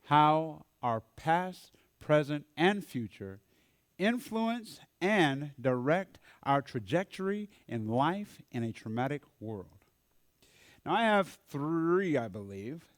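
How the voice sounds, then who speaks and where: Male speaker at a church forum, somewhat high voice, very lively pitch, dry close sound, acts out quoted voices. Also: takes it slowly, no room sound. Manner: animated storyteller who acts out quoted voices. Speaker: speaker at a mental health forum. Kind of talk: storytelling talk to a church audience.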